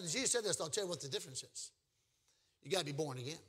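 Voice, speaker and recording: A pastor in full sermon mode, a man with a high, bright, forceful voice. He preaches emphatically, moving between storytelling and joking asides to the congregation. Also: animated, quick pace, slightly rough.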